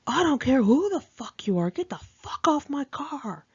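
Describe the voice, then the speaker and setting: A woman reading her memoir aloud voices a furious man who yells and curses at a stranger on his car. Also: high-pitched, sing-song, normal speed, highs cut off, pitched above the performer's own voice. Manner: angry, cursing.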